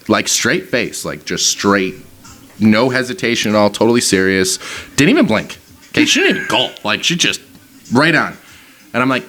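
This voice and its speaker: Animated, swearing man telling stories. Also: medium pitch, brisk. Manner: animated, swearing, laughing storyteller. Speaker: podcast host. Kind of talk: casual storytelling chat. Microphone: set up for two cameras.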